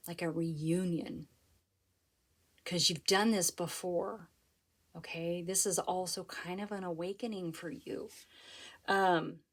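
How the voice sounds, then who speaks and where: A woman giving a pick-a-card tarot reading to her viewers. She is earnest and excitable, and often stops to rephrase herself. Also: on the low side. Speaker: tarot reader.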